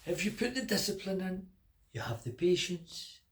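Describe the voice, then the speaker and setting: A man's voice: high voice, sing-song, normal speed, fairly bright tone, pitched above the performer's own voice. An older man voicing a patient, plucky little fat man in a told children's story, talking in a mild, earnest way.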